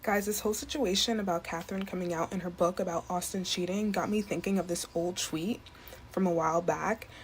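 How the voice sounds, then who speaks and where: A woman talks fast and breathlessly through her take on a celebrity rumor. Her tone is gossipy and incredulous, in the style of a quick social media commentary. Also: on the low side, fairly even intonation, slight background noise.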